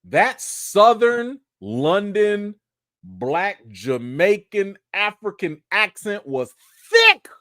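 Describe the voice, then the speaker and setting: Animated guy on a livestream, haitian background, pitch jumping all over, dry close mic. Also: very slow, dry recording. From Haitian family. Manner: animated, playful, talks straight to viewers. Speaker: host. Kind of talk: casual livestream review.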